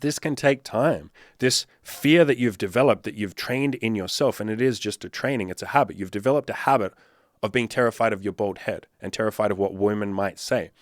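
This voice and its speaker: A man's voice: lowish voice, a little fast, dry recording, studio quality. A man talking as a dating coach in a blunt, casual rant, swearing often and acting out both sides of imagined conversations.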